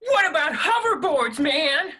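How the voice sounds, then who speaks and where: A woman playing an excitable, easily awed average guy from the 1990s in a comedy sketch, gushing over everything. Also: high voice, measured pace, heavily acted.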